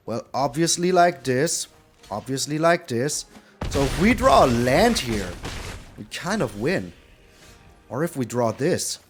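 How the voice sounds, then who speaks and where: Pitched fairly high, a man streams a card game and comments on the action live. His commentary is animated, full of repeated phrases and frequent mild swearing.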